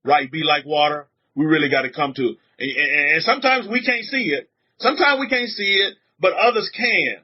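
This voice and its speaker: A man preaching a sermon to a congregation, animated, repeating words and putting questions to the room, on a dull lo-fi recording. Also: fairly high pitch, normal speed, slightly rough. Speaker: rabbi teaching a congregation.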